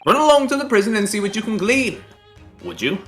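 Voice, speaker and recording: A snooty refined gentleman detective, as a streamer plays him, bright, sing-song delivery that swoops up and down. breezy and condescending, brushing everyone off with lofty courtesy. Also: high-pitched, very animated, fairly quick, faint music behind, voice pushed up. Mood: haughty. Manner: pompous, dismissive. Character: haughty upper-class male English detective.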